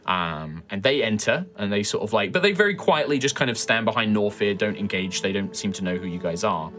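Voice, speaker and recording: A man's voice: on the low side, expressive, a little fast, fairly bright tone. Rambling man narrating a game. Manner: rambling, many ums and likes. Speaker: game master.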